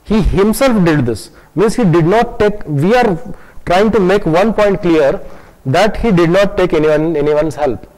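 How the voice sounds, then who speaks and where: A man gives an online grammar lesson in a fairly high voice. He talks in a halting way, full of "uh" and restarts, and slows down to stress key terms. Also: a little mellow, rough recording. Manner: hesitant, many fillers and restarts, switches into Hindi to explain. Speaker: English grammar teacher.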